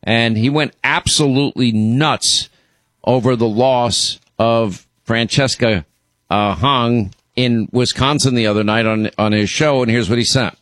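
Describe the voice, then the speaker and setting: A man's voice: mid-range voice, measured pace, fairly bright tone, no echo. Blunt indignant male radio host. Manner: blunt, indignant, many restarts. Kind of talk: talk radio commentary.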